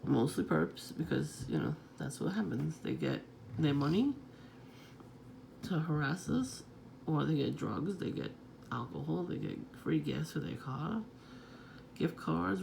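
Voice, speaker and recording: Very gravelly rambling vlogger. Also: mid-range voice, darkish tone, slight background noise. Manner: rambling, profane, chuckling often. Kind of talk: casual rambling monologue.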